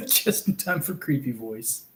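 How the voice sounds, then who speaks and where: Slow-talking, giggly man streamer. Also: fairly high pitch, sing-song, a little mellow. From Oklahoma. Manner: giggly, chatty, reads comments aloud. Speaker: fishing livestream host. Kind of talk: casual livestream chat. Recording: roomy echo.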